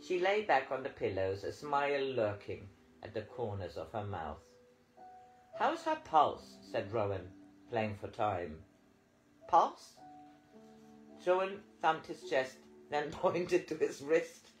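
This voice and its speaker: A man reading a novel aloud as an audiobook narrator, with lively storytelling. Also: lowish voice, a little slow, low-quality recording. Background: faint guitar music.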